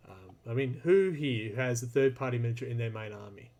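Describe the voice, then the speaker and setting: A man hosting a casual hobby podcast, chatty and loud, laughing often. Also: medium pitch, fairly quick. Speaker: podcast host. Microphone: desk mic while streaming.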